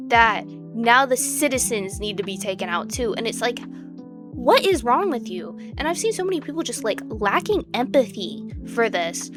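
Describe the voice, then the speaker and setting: A young woman with a slightly high voice rambles through her reactions, dropping into low mutters and then breaking into loud, exasperated outbursts. Clear guitar music plays under her voice the whole time. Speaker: video creator reacting to posts. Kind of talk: casual reaction commentary.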